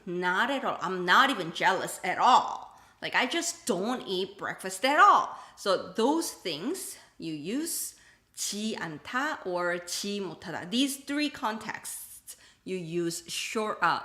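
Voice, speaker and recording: A woman teaching a live-streamed language lesson, animated and acting out example dialogues as she switches between English and Korean. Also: mid-range voice, reverberant.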